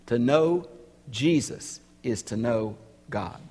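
Preacher guy, gravelly voice, pushes hard on his questions, big echoey hall. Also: medium pitch, expressive, slow pace. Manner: emphatic, rises to loud rhetorical questions. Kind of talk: sermon.

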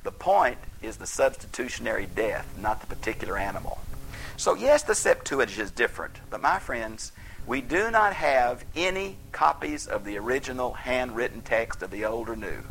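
A man's voice: mid-range voice, sing-song, moderate pace, creaky, fairly bright tone, low-quality recording. A man teaching the Bible in a folksy, emphatic sermon style that flares into heated outbursts.

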